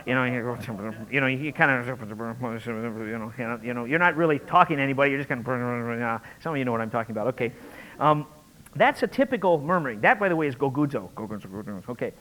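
A man preaching a conversational, animated sermon, acting out quotes as he goes. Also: mid-range voice, quick pace, poor audio. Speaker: pastor.

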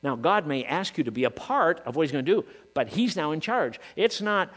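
A man preaching with real fire. His pitch swings widely and climbs high when he gets worked up. He fires off rhetorical questions, and his voice carries in a big hall with a long reverb and a faint mains hum. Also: animated, brisk, hardly any pauses. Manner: impassioned, rising to shouts, rhetorical questions. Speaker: pastor. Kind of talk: sermon.

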